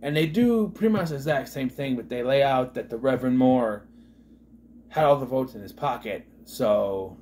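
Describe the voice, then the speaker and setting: A man's voice: medium pitch, a little mellow, a little hiss or hum. Rambling man reviewing a movie. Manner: rambling, full of "you know" and restarts. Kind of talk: casual movie review commentary.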